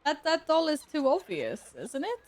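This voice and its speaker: A woman's voice: high voice, huge pitch swings, moderate pace, a little mellow. A young woman streamer giving casual gameplay commentary, chatty and easily amused, talking back to the game.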